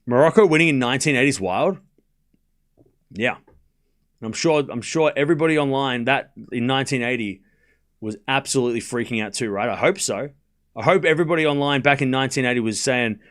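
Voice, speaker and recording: A man with an Australian accent commentating tennis on a live stream, chatting with viewers between points. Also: mid-range voice. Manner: animated, chatty, quick play-by-play bursts.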